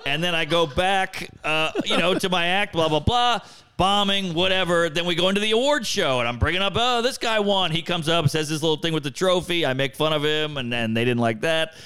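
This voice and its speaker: Smooth-voiced man telling a story. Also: a little high, a little fast. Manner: animated, acts out other people's voices. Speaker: stand-up comedian guest. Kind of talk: casual storytelling chat.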